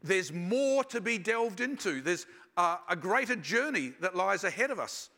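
A man preaching a sermon, telling personal stories in a reflective manner and slowing down for emphasis. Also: sits high, very animated, sharp tone. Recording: long reverb of a large hall.

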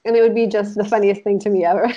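A woman's voice: medium pitch, fairly even intonation, quick pace, warm tone, highs cut off. A woman from Israel, a life coach, chatting as a guest and rambling through memories with lots of fillers and laughter. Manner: rambling, giggly, many "like" fillers. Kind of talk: casual storytelling chat.

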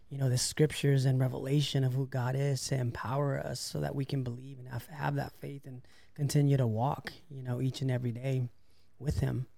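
A man's voice: mid-range voice, creaky, dark tone. A man co-hosting a casual faith discussion podcast, speaking reflectively and casually, with fillers like "man" and "you know.". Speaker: podcast co-host.

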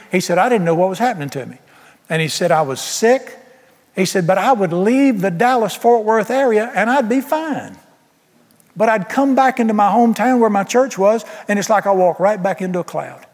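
Preacher man in a reverberant hall. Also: fairly high pitch. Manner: storytelling, emphatic, Southern folksy phrasing. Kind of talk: sermon.

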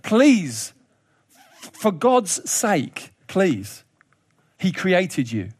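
A man delivers a sermon in a high, bright-sounding voice, joking and laughing as he goes. He often restarts and repeats his words, and the recording is close and dry, with no room sound. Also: huge pitch swings, extremely slow, husky, no room sound. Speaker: preacher.

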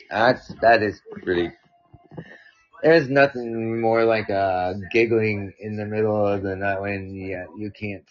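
A man's voice: fairly low pitch, steady tone, takes it slowly, highs cut off, slight background noise. A man hosting a casual podcast, reading listener stories aloud and rambling with many fillers and restarts. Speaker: podcast host.

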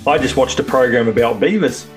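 A man's voice: medium pitch, brisk, loud music behind the voice. Laid-back New Zealand man telling dad jokes. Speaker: podcast co-host. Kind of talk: casual chat.

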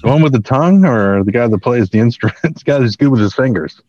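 A man's voice: medium pitch, animated, fast talker, a little mellow. A man joking around in a tabletop game session, heard through a dull, lo-fi line. A faint hiss sits under his voice. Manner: joking, teasing. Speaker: player. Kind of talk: casual tabletop game chat. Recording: dull lo-fi audio with faint noise.

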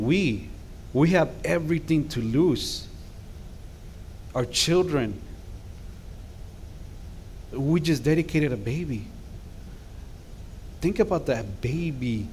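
Middle-aged man as guest preacher; impassioned sermon, voice on the higher side, light room noise. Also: a little mellow. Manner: impassioned, rising to emphatic exhortations. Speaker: guest pastor. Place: church sanctuary.

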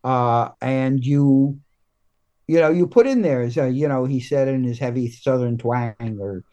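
A man, a guest comics writer, talking in a casual podcast interview, halting and full of restarts and fillers. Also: medium pitch, warm tone, dull audio.

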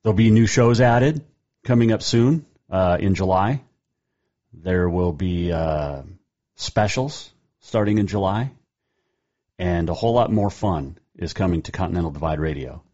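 Unhurried and dark-toned, a man with a low voice hosts his own radio show, chatting in a loose, folksy, rambling way and fixing his own slips. He also reads ads for sponsors, and the sound quality is dull and lo-fi.

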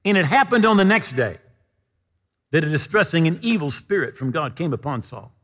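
A man's voice: on the high side, moderate pace. A man preaching a sermon and telling stories, acting out the voices of the people he quotes. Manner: animated, acts out quoted voices in his stories. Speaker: pastor. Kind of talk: sermon with storytelling. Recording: long reverb of a large hall.

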